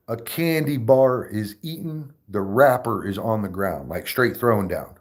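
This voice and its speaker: Profane, laughing low-voiced man. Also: takes it slowly. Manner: profane, animated, laughs often. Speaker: streamer host. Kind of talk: casual livestream chat.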